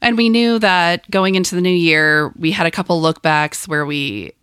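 A woman in her thirties co-hosting a casual podcast, a little raspy from a cold, chatty and laughing often. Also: lowish voice, normal speed, a bit bright, no echo, clean studio sound. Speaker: podcast co-host. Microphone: close podcast mic.

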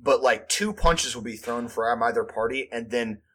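A man around thirty with a husky, slightly breathy voice tells rowdy school stories in a loose, profane ramble. He leans on "like" as a filler and slips into quick impressions of the people he describes, sitting at an average pitch for a man. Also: pushed and bright. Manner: rambling, profane, lots of "like" fillers, acts out quotes. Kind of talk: casual storytelling chat.

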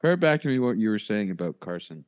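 A man's voice: lowish voice, very animated, fast, darkish tone. A man hosting a casual podcast chat, playful and bantering with his co-host.

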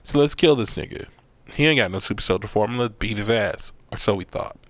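A man giving a casual, profane recap of an episode, animated and acting out the quotes. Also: fairly low pitch, a little fast, dry recording. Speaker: show recap host.

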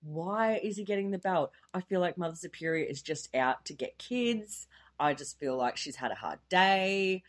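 A woman with a fairly low voice, animated and moderately paced, co-hosts a podcast recap of a horror movie. Her relaxed, joking telling of the story leans on notes and includes frequent laughs.

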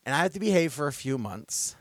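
A young man hosting a casual podcast, telling a long story with lots of restarts and growing louder as he relives it. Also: a little high, big pitch swings, fast talker, dry recording, studio quality. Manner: rambling storyteller, restarts often, gets loud when retelling. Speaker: podcast host.

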